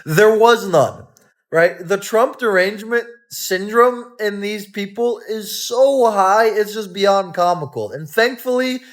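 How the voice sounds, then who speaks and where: A man's voice: high-pitched, slow pace. A man hosting a reaction channel, giving casual, sarcastic, mocking commentary.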